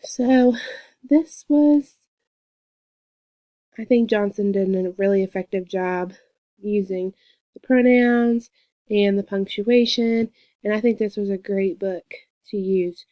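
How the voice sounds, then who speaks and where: A young woman gives an earnest peer review of a classmate's book report, reading quoted lines slowly and pausing between them. Her voice is mellow and warm. The sound is close and dry, with no room echo. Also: mid-range voice. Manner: earnest, reads quoted passages slowly with pauses. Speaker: student giving a peer review. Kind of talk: reading aloud and commenting on a book.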